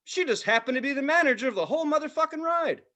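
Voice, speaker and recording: A middle-aged man with a fairly high voice, recounting an incident on a podcast. He tells it in a casual, animated way, swearing freely as he gets fired up. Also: fast. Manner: heated, profane, animated storytelling. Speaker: podcast co-host. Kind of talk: casual storytelling chat.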